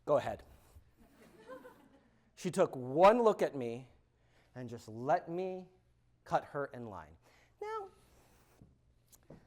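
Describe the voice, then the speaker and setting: A man giving a keynote talk, telling a personal story with dramatic pauses and swings from loud emphasis to hushed words. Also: mid-range voice. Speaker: keynote speaker. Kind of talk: storytelling speech to an audience.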